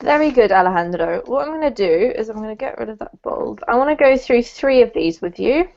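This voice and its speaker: A woman's voice: on the high side, lively intonation, fairly quick, gravelly, a little mellow, dull audio. A British woman from the UK running an online pronunciation class, chatty and encouraging with frequent ums. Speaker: English pronunciation teacher. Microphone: video call.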